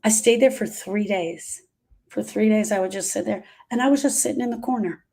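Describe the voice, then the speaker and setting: A woman's voice: mid-range voice, a little fast, creaky, warm tone. A woman grief specialist talking live to her viewers, giving emphatic, repetitive, direct advice.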